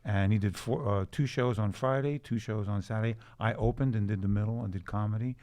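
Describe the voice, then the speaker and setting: An older man with a lowish voice tells long, wandering stories. He keeps restarting his sentences and laughs easily. The sound is very dry and close. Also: a little mellow, dry recording. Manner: rambling anecdotes with restarts, quick laughs. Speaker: guest comedian and musician. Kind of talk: casual storytelling chat. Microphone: studio podcast mic.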